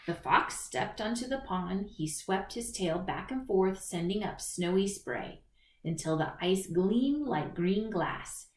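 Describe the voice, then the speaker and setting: Woman reading a kids book out loud, lively sing-song voice, roomy echoey sound. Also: medium pitch, slow. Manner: expressive, animated storytelling. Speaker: storybook reader. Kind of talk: picture book read-aloud. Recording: roomy echo.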